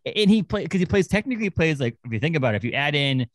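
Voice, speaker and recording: Animated rambling man in casual chat. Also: fairly high pitch, racing, dry recording. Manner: animated, rambling, with restarts and laughs. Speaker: podcast co-host.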